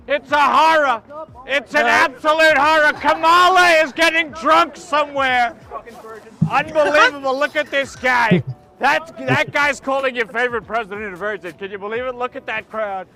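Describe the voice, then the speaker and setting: A man's voice: very high-pitched, normal speed, bright, forceful tone, faint music behind. A man impersonating a brash, boastful older male politician on the street, hurling taunting, repetitive insults. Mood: boasting.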